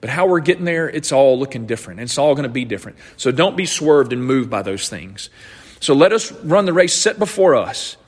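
Husky-voiced pastor preaching in a reverberant hall. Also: male voice, medium pitch, expressive, a little fast. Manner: earnest, repeats and restarts phrases while explaining scripture. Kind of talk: sermon.

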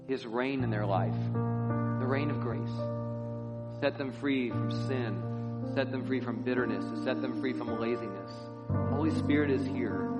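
This sermon comes from a man in the pulpit whose mid-range voice alternates between fiery, booming passages and soft, near-whispered moments.

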